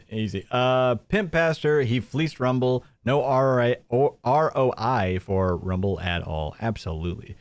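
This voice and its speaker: A man's voice: mid-range voice, unhurried, no room sound. A male host giving mocking live commentary on a clip, chatty and laughing often.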